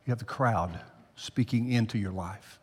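A man preaching a sermon to his congregation, climbing loud for emphasis and then dropping low. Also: moderate pace, breathy edge. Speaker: pastor. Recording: long hall reverb.

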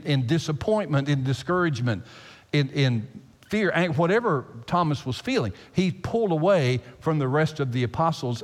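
A man preaching a sermon as pastor, emphatic and animated, repeating phrases for effect. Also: a little high. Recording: long hall reverb.

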